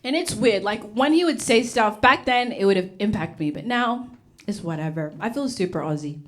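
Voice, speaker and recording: This young comedian from Uganda has a mid-range voice with lively intonation and a moderate pace. She delivers her stand-up set to a live crowd brashly and punchily, laughing in between jokes.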